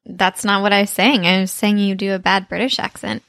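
A woman's voice: medium pitch, little pitch movement, a little fast, fairly bright tone. A woman from Texas co-hosting a podcast in casual chat, giggly and enthusiastic. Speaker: podcast co-host.

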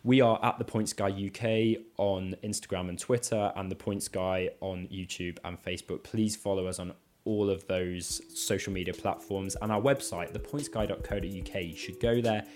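A man's voice: low voice, steady tone, moderate pace, few pauses, a little mellow, soft background music. A young man from Leeds, a podcast guest, talking eagerly and upbeat in a conversational interview. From Leeds, England. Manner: enthusiastic, upbeat travel tips. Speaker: podcast guest, head of content.

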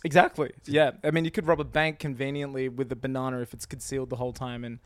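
A man's voice: mid-range voice, little pitch movement, quick pace, no echo. A man co-hosting a comedy podcast, riffing in rambling, self-interrupting bursts. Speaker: podcast co-host. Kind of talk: casual comedy chat.

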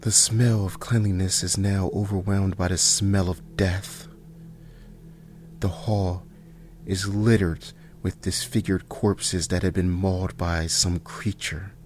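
A man narrating a first-person horror story in a slow, hushed delivery that sometimes drops to near whispers. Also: deep voice, fairly even intonation, slight background noise.

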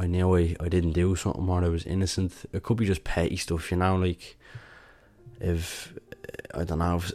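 This podcast host, a young Dubliner who is also a musician, talks on his own in a casual, meandering way, often restarting and filling gaps. His voice is low and somewhat dark in tone.

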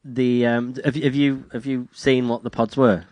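A man in casual podcast chat, chatty and quick to laugh. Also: medium pitch, flat delivery, darkish tone. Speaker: podcast co-host.

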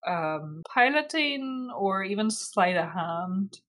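A woman narrating as game master of a tabletop role-playing game, relaxed and giggly with many fillers. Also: mid-range voice, takes it slowly.

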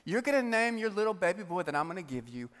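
A playful, self-assured God , as a male preacher puts him on, who ribs the listener in easy everyday talk. The voice sits high and bright for a man, and a long hall reverb trails each phrase. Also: big pitch swings, fast talker. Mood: teasing. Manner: playful, teasing, casual speech. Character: God, amused confident male deity.

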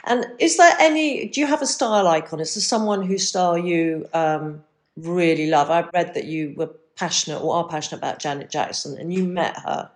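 A middle-aged woman hosts a podcast interview with a slightly low-pitched voice. She asks questions conversationally and responds with enthusiasm. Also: fairly quick. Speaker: podcast host.

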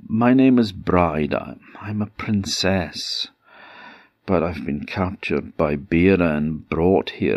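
A man's voice: very deep voice, gravelly, dry recording, heavily acted. A man voicing a tearful young princess. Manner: tearful, hesitant pleading. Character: young captive princess, sad and frightened.

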